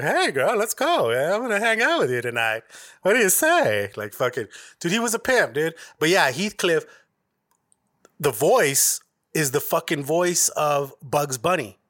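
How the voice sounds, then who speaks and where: A man's voice: a little high, pushed and bright, dry recording. Brief: a male podcast host, loose and profane, recorded dry on a close mic. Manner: profane, slangy and rambling. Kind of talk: casual chat.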